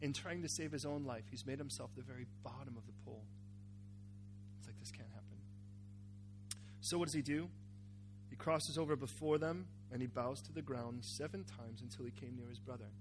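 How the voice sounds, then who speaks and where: A man preaching a sermon, acting out a Bible scene with cries, shouts and asides to the congregation. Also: mid-range voice, brisk, over music. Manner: animated, acts out characters with cries and shouts. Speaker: pastor.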